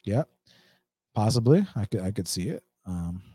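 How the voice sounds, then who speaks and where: A man's voice: on the low side, very animated, moderate pace, dark tone, breathy edge, no echo, studio quality. A man with an Atlanta accent hosting a casual stream, reading viewer comments aloud and reacting with laughs and swearing. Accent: Atlanta, Southern US. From United States. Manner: laid-back, swears, laughs often, reads comments aloud. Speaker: livestream host reading chat. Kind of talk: casual chat.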